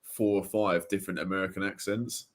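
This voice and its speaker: Fan co-host, man, low pitch, hesitant chatty delivery. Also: steady tone, brisk, slight background noise. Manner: hesitant, many fillers and restarts. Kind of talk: casual chat.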